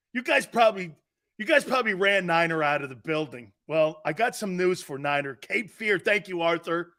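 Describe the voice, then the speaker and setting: A man hosting a live sports talk show, loud, joking and blunt, laughing often. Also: high voice, animated, normal speed. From lives in Florida.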